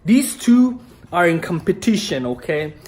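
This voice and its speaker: A woman's voice: on the low side, big pitch swings, a little slow, darkish tone. Rambling joking woman vlogger. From Iran. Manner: rambling, joking, repeats "okay?" and "man". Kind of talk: casual motivational monologue to camera.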